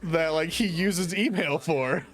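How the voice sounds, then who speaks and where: A man's voice: fairly high pitch, takes it slowly, a bit bright. Rambling casual man chatting on stream. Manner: rambling, swears a lot, many fillers. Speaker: streamer and artist. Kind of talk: casual chat. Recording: faint music behind.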